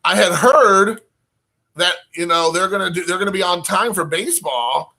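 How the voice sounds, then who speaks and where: Speaking at normal speed in a high-pitched, sharp voice, a channel host chats casually with his viewers from home. The vlog chat rambles along as he pokes fun at himself.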